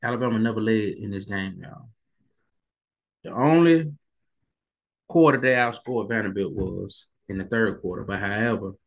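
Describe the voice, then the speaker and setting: A sports commentary vlogger with a low-leaning, gravelly and slightly rough voice delivers a casual opinion monologue on college football. He's emphatic and colloquial, repeating himself for emphasis until he gets heated.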